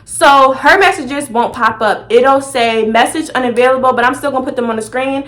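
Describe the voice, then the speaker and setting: A young woman vlogger telling a personal story in a sassy, animated, dramatic way. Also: sits high, moderate pace. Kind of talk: storytime vlog.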